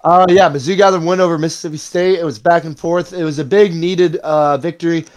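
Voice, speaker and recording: Young man co-hosting, slightly high voice. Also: fairly even intonation, fairly quick. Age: young adult. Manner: easygoing, rambling, self-correcting. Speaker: podcast co-host. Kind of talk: casual sports podcast chat.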